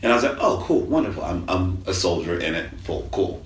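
Deep-voiced guy chatting loosely, sounds far from the mic, echoey room. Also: a little fast. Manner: relaxed, rambling, many restarts. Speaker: guest actor. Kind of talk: casual interview chat. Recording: distant mic in echoey room, faint noise.

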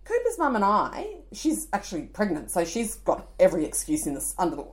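Animated Australian woman telling stories. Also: medium pitch, brisk. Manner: animated storytelling, laughing, acting out voices. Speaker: podcast co-host. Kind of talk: casual chat.

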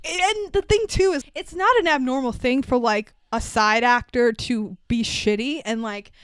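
A young woman co-hosting a casual movie recap podcast, animated and sarcastic, swearing freely and laughing often. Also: fairly high pitch, unhurried, clear, resonant tone, no echo, studio quality. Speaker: podcast co-host.

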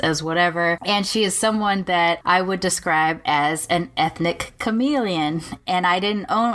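Chatty low-voiced woman podcast host. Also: fairly bright tone. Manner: chatty and enthusiastic, rambling with fillers. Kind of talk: casual solo podcast intro.

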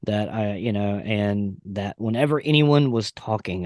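A man's voice: fairly low pitch, normal speed, a little mellow, no echo, studio quality. A man in his thirties hosting a podcast, casual, folksy and easygoing, with jokes mixed into the chat. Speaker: podcast host.

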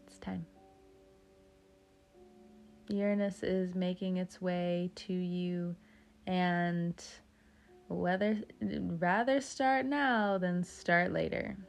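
A woman's voice: fairly low pitch, fairly even intonation, takes it slowly, gravelly, faint music behind. A young woman giving a casual tarot reading, joking around, swearing freely and drifting off on tangents. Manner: joking, profane, talks off on tangents. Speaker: tarot reader.

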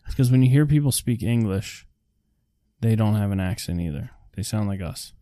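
A man's voice: fairly low pitch, expressive, moderate pace, dark tone, no echo, studio quality. A man from the northeastern United States in a casual chat about a movie, joking and acting out characters' lines. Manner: playful, jokey, acts out characters' lines. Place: indoor room near a heater.

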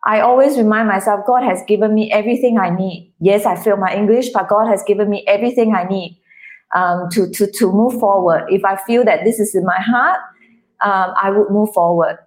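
A woman's voice: medium pitch, brisk. Earnest woman sharing her testimony. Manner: earnest, heartfelt, with restarts. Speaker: guest author. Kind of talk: interview, personal testimony.

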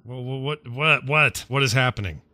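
A man's voice: medium pitch, moderate pace, sharp tone, no echo. A man playing a grumpy, snappish wizard. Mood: impatient. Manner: irritable, snapping, cursing.

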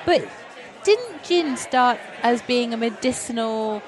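Lively woman asking questions. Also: a little high, slow pace, a crowd in the background, rough recording. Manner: lively, questioning, self-deprecating. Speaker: podcast co-host. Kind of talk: casual chat.

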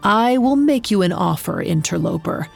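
A woman voicing a one-eyed male warrior chief who speaks in a slow, low, measured way. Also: animated, vocal fry, soft background music, full character voice.

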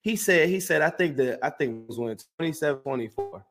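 A man casually telling a lively story, full of fillers and restarts, acting out what people said. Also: a little high, fast, soft background music. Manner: animated storyteller, acts out quotes, many fillers and restarts. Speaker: guest recounting a game. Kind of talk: casual chat.

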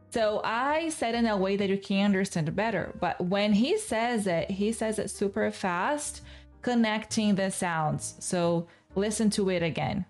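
A woman's voice: medium pitch, a little slow, a little mellow, soft background music. Patient woman teaching English. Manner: patient, explains step by step, repeats key words. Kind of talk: English lesson explanation.

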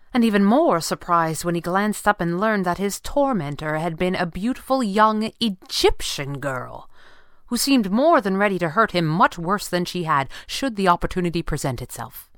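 A woman narrating an audio drama in a measured storytelling manner. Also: lowish voice, no room sound, clean studio sound.

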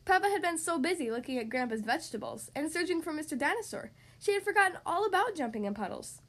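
A woman hosting a podcast, reading a children's story aloud in a cheerful, expressive way. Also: high-pitched, fast.

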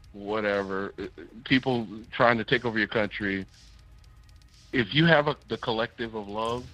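A man's voice: lowish voice, fairly bright tone, rough recording. A man calling in to a talk show, chatting casually and rambling with laughs between phrases. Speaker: caller. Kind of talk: casual call-in chat.

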